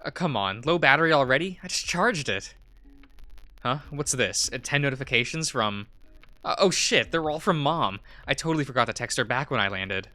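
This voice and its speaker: A man's voice: mid-range voice, lively intonation, normal speed, bright, forceful tone, faint music behind. A man streaming a visual novel, reading it aloud with chuckling asides.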